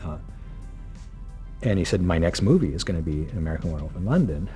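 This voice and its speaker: A man telling stories in an interview, animated and acting out what others said. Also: low-pitched, quick pace, faint music behind. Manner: animated, acts out quotes. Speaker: makeup artist interviewee. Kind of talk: interview storytelling.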